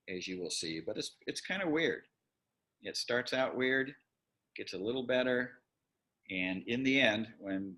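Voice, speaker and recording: A man teaching an online Bible class in a relaxed, rambling way, often stopping to correct himself. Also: fairly low pitch. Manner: conversational, rambling with self-corrections. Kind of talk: casual online Bible lesson.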